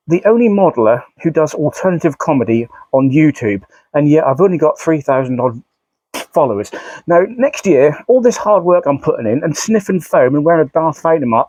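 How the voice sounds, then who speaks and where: A man's voice: fairly high pitch, animated, moderate pace, darkish tone, no echo. A man, a model railway YouTuber, chatting casually in a rambling, self-mocking way with frequent sighs. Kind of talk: casual vlog chat.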